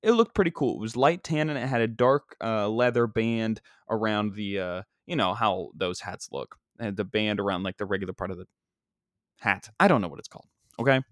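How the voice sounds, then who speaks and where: Lower-voiced rambling young comic host. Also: male voice, brisk, no room sound, studio quality. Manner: rambling, many fillers and restarts. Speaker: podcast host and stand-up comic. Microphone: single microphone.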